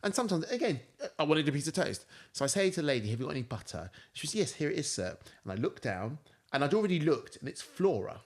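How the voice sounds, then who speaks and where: A man with a British accent, a podcast guest, chatting casually and telling lively stories, acting out the voices of people he quotes. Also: on the high side, quick pace. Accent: British English. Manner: animated storyteller, acts out quoted dialogue. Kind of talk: casual chat.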